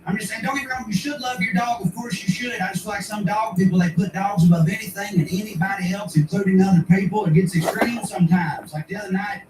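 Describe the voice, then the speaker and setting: A man's voice: sits high, fairly even intonation, fast, few pauses, loud music behind the voice. A man from rural Tennessee, doing a brash, profane stand-up comedy set. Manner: brash, profane, conversational punchlines. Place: comedy club stage. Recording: roomy and distant with ambient noise.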